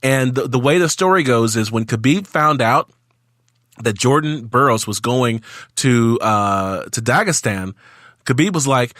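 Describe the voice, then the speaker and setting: A man hosting a casual sports podcast, jokey and energetic, acting out quotes as he goes. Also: mid-range voice, a little slow, no echo, clean studio sound. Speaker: podcast host.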